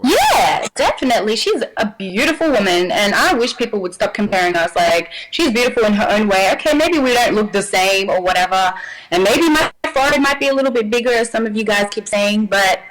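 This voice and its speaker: A woman's voice: medium pitch, lively intonation, a little fast, poor audio. A woman being interviewed on a casual livestream, playful and evasive, often laughing. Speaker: guest actress.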